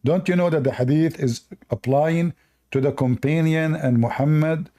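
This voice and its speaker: A man hosting a live-stream debate, talking in a mocking, animated way with loose, non-native English phrasing. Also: a little high, normal speed.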